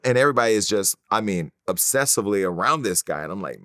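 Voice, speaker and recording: Low-pitched man, frank and profane storyteller, dry close recording. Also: quick pace, dry recording. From California. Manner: candid, profane, animated storytelling. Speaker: interview guest. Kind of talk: storytelling in a sit-down interview.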